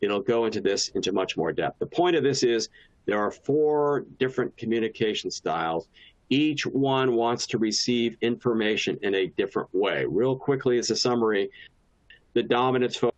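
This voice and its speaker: A man's voice: mid-range voice, expressive, moderate pace, highs cut off. A man presenting a training talk on communication styles in a casual, anecdotal way, with frequent restarts and fillers.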